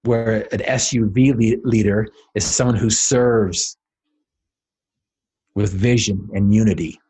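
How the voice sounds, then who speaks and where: A man's voice: on the low side, fairly even intonation, slow, dark tone, husky. A man speaking as a podcast guest, telling a personal story with dramatic, building emphasis.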